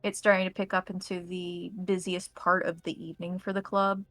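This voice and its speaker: An American woman narrating as game master, describing scenes in a steady, detailed way. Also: lowish voice, normal speed, dry recording, rough recording.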